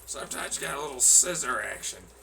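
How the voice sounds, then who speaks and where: A man's voice: medium pitch, lively intonation, fast talker, creaky, pushed and bright, slight background noise. A man chatting casually and rambling while cooking in a kitchen, swearing freely and joking. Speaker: streamer. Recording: distant mic with sizzling frying.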